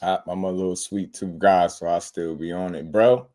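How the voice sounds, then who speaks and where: A man's voice: low voice, fairly even intonation, moderate pace, dark tone. Laid-back man hosting a boxing show. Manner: laid-back slang, laughs often. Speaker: boxing channel host. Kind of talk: casual chat.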